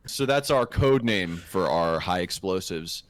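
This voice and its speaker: A man co-hosting a podcast, telling a profane, animated anecdote in a casual chat. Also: deep voice, a little slow, no room sound. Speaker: podcast co-host.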